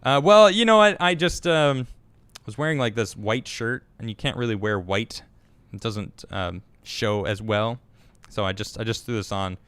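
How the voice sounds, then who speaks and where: A man in the middle of the pitch range hosts a casual live show, chatting and reacting to viewer comments. His voice is smooth and resonant, he talks haltingly with lots of restarts, and the sound is close and dry. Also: a bit bright, dry recording. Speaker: host.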